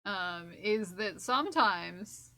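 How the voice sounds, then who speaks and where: A woman's voice: medium pitch, lively intonation, takes it slowly, bright, forceful tone. A woman streamer chatting casually while crocheting, repeating her own phrases to herself as she works.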